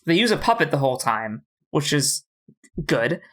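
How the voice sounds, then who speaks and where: A TV episode gets a fast, casual rundown from a podcast co-host whose voice sits in a normal middle range. He swears freely and stays animated, briefly acting out what the characters say.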